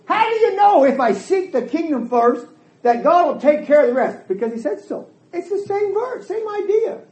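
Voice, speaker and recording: A man's voice: very high-pitched, very animated, moderate pace, darkish tone. A middle-aged man preaching a sermon in a church hall, emphatic and folksy, voicing quoted dialogue as he goes. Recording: echoey hall.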